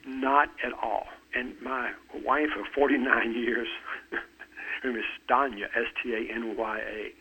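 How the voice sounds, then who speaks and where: A man's voice: mid-range voice, steady tone, a little slow, sharp tone, slight background noise, low-quality recording. A man in his seventies, an author talking about fitness in an interview, earnest, often repeating a word as he starts a sentence. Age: 70s. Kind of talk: conversational interview.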